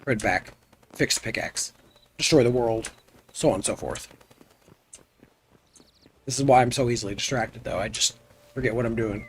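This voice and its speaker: A man's voice: fairly low pitch, moderate pace, pauses often, a little hiss or hum. A man live-streaming a building game, chatting casually and goofily with his viewers as he plays. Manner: rambling, goofy, chats with viewers while playing. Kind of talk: casual gameplay stream chat.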